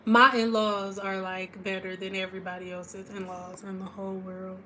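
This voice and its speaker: A woman from Detroit, hosting a hair care livestream and chatting casually with viewers, animated and swinging from loud squeals to soft asides. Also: mid-range voice, moderate pace, few pauses, slight background noise.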